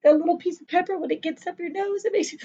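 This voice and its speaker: A woman teacher reading a picture book aloud to children, in an animated sing-song way with chatty asides to them. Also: very high voice, fast, highs cut off.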